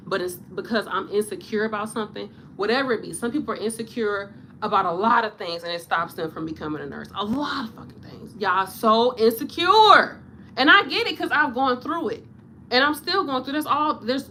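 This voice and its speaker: A blunt, animated woman, talking straight into her camera like a rambling chat with friends. She swears freely and breaks into laughter. A faint hiss of noise sits under her voice. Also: medium pitch. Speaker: nurse vlogger. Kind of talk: casual, rambling to-camera talk. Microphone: camera mic.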